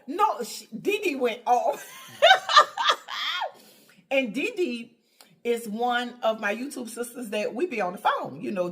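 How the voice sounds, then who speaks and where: A woman vlogging about her home decorating channel, telling a story with laughs and excited squeals, going soft and slow when she is touched. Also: medium pitch. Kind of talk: casual vlog talk.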